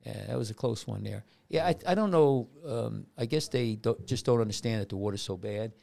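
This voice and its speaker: Man rambling, gravelly podcast host. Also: on the low side, a little mellow. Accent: New Jersey. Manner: rambling, halting, lots of restarts. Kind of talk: casual storytelling chat.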